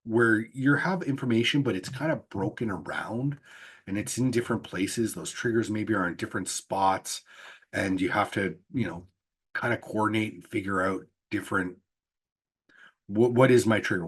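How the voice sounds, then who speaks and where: A man's voice: on the low side, normal speed, slightly rough. A man presenting an online workshop over a video call with a headset, explaining earnestly with a few restarts.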